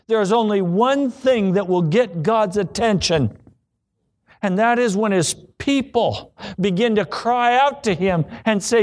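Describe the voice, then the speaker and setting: A male preacher with a high-pitched voice delivers a slow, deliberate sermon. He acts out desperate prayers and quoted voices with drama. He sinks his voice low for repeated refrains. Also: expressive.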